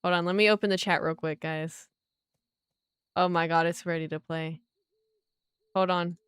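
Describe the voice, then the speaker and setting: Excited young woman livestreaming a game. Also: fairly low pitch, moderate pace, clear, resonant tone, dry recording, studio quality. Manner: excited, chatty, addresses viewers as guys. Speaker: livestreaming gamer. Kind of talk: casual livestream chat.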